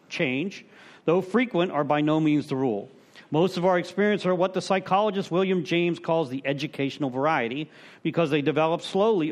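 A man with a notably high voice talks to a recovery group in a meeting room. He reads from the book, then drifts into casual asides and lively stories, tossing "right?" back at his listeners again and again. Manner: conversational, asks the room for agreement; animated storytelling. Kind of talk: informal talk reading and commenting on a recovery text.

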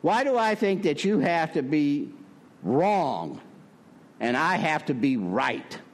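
A man's voice: a little high, sing-song, slow. An older man sharing his story at a recovery meeting, talking in a folksy way with many fillers, his voice rising when he preaches. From Prescott, Arizona. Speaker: recovery speaker.

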